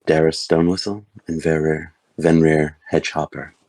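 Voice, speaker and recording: A man playing Blade, a male adventurer who speaks low and quiet into a companion's ear during a tabletop game. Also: level tone, moderate pace, vocal fry, no room sound. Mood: secretive.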